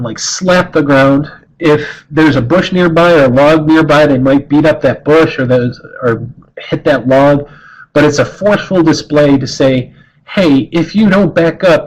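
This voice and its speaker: A man's voice: fairly high pitch, poor audio. A middle-aged man giving an earnest, conversational talk as a wildlife educator, often restarting and repeating words as he explains. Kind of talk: informal talk on bear behavior.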